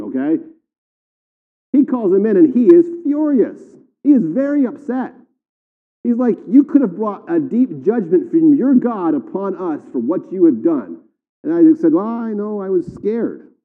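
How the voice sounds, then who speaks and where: A man preaching a sermon in a folksy, conversational way, often checking in with "all right?". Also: on the high side. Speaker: pastor. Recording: tinny phone-like sound with long hall reverb.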